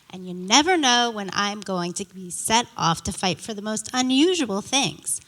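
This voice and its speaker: A middle-aged woman works through a stand-up set on a theater stage, her voice at an ordinary mid pitch. She tells her stories with animated delivery and acts out indignant dialogue. The sound carries a long reverb from the hall. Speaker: stand-up comedian.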